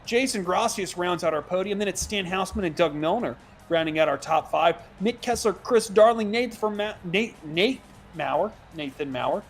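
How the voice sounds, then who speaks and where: A man doing play-by-play commentary for a sim racing broadcast, chatty and quick, laughing easily between calls. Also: high voice, soft background music.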